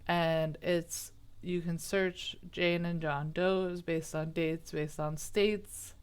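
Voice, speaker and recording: A woman's voice: fairly low pitch, fairly even intonation, slow, clear, resonant tone. A woman retelling a true crime story in a chatty, rambling way, with asides, self-corrections and indignant remarks. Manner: baffled, indignant.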